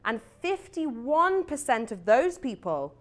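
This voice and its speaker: Young British woman, talk show host, self-mocking and chatty, slightly high voice. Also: sing-song, takes it slowly. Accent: British English. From Britain. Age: young adult. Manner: chatty and self-mocking, many ums and little laughs. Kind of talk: casual chat show hosting.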